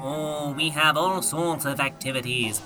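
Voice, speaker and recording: A performer playing a grand, eccentric aging actress hosting hippie cabins, with a slow theatrical drawl and a wandering accent. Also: medium pitch, music in the background, natural voice. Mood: grandly.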